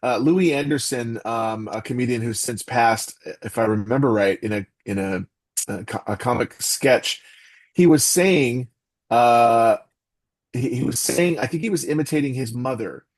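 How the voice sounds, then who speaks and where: A man's voice: medium pitch, a little slow. A middle-aged man talking earnestly as a podcast guest, acting out little quotes as he speaks. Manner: earnest, animated, with quoted asides. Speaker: podcast guest, author and voice actor. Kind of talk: casual interview talk.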